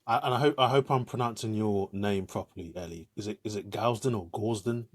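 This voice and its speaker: A man's voice: on the low side, fast talker. A man co-hosting a podcast in casual chat, explaining things in a storytelling way. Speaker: podcast co-host.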